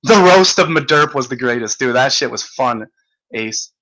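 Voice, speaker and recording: A man's voice: mid-range voice, expressive, normal speed, bright, forceful tone, poor audio. Guy rambling on his livestream reading chat, cursing and laughing a lot, ordinary mid voice. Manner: rambling, joking, profane, laughs often.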